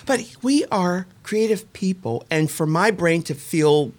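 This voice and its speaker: A man's voice: sits high, expressive, measured pace. A man hosting a podcast in casual chat, playful and theatrical with camp turns of phrase. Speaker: podcast host.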